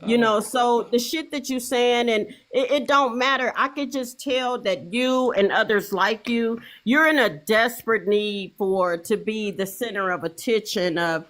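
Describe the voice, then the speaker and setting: A woman's voice: a little high, unhurried, few pauses, fairly bright tone. Fired-up middle-aged woman ranting. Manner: heated, profane, repetitive. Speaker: livestream host. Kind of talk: angry livestream rant.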